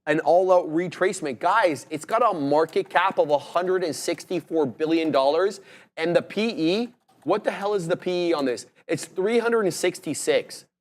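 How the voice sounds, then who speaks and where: A man's voice: fairly high pitch, normal speed. A man with a somewhat raised voice co-hosting a live trading stream. He jokes with his partner like a buddy, then runs through stock prices and valuation numbers in a chatty way. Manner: chatty, brotherly banter mixed with stock figures. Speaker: trading show co-host. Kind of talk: casual live market chat.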